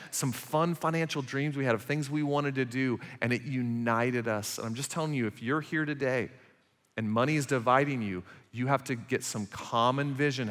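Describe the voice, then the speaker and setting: A man in his forties preaching a sermon as pastor, emphatic and animated, acting out quarrels between parents. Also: medium pitch. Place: church auditorium. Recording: large hall reverb.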